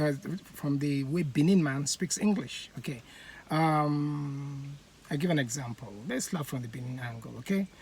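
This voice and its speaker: A host from Edo State in Nigeria, speaking, giving a laughing commentary monologue with comic examples and halting fillers. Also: medium pitch, slightly rough. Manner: animated, laughing, acts out voices.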